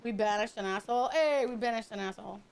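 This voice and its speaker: A woman's voice: on the high side, quick pace, a little mellow, smooth. A woman streaming a game, chatting casually with her viewers in crude, teasing banter and laughing often. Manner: frequent laughter.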